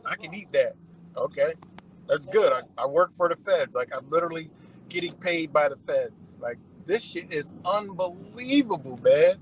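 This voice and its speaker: A man's voice: fairly high pitch, lively intonation, moderate pace, slight background noise, rough recording. A man hosting a commentary video, ranting in a heated, profane, repetitive way. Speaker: commentary channel host. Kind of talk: casual profane rant.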